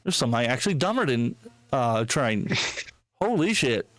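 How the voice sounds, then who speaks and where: A man hosting a casual podcast chat, talking in a profane, incredulous and excitable way. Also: mid-range voice, moderate pace, no echo. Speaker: podcast host.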